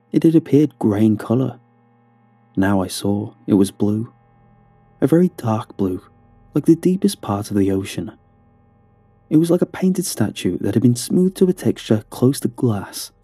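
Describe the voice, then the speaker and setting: A man's voice: lowish voice, mellow, husky, no echo. A man narrating a first-person horror story in a tense, dramatic storytelling manner.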